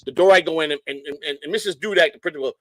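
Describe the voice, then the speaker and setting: A man's voice: a little high, racing, fairly bright tone, no room sound. A middle-aged man from Chicago, hosting a casual livestream chat and telling rambling, profane stories in a hyper, nonstop way. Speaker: show host.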